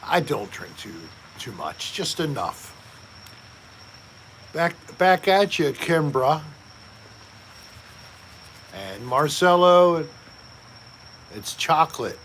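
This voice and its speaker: A man hosting a casual live stream, chatting slowly and joking while reading out viewer comments. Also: fairly high pitch, very animated, a bit bright, a little hiss or hum. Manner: slow, joking, reads chat aloud. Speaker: livestream host.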